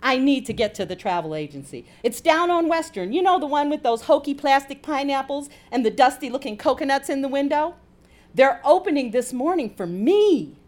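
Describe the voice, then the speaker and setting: A woman's voice: sits high, fairly quick, voice pushed up. A woman reading as an eager, wheedling young hospital worker. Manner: excited, wheedling.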